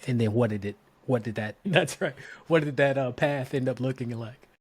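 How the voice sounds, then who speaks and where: A man's voice: mid-range voice, moderate pace, breathy edge, no room sound. A man hosting a podcast interview, affirming his guest and asking open, rambling questions in a casual way. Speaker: podcast host.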